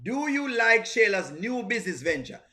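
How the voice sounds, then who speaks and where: His high-pitched voice has a sing-song quality, a moderate pace, and a pushed, bright sound. This reaction channel host speaks with a strong non-standard English accent while reacting animatedly to skits on a live stream, repeating points and greeting chat.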